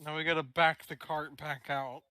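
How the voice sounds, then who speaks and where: Male tabletop player, bright and a bit high, matter-of-fact casual chat, faint typing in background. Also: flat delivery, moderate pace, clear, resonant tone, no echo, clean studio sound.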